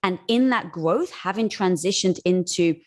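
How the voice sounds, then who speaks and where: A woman's voice: lowish voice, moderate pace, a little mellow. A woman guest speaking earnestly and encouragingly in a candid conversation. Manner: earnest and encouraging, calls the host girl.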